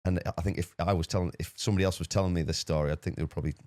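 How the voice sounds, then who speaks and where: A man's voice: low-pitched, no echo. A man from the UK, a podcast guest telling a story in a casual way, with many repeated words. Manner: rapid, animated anecdote-telling with repeated words.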